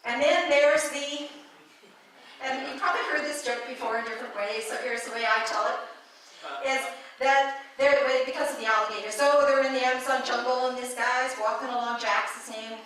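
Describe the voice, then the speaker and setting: A woman's voice: high-pitched, a bit bright. A woman giving a conversational, playful sermon as a guest speaker at a spiritual church. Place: church sanctuary. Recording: echoey hall from far off.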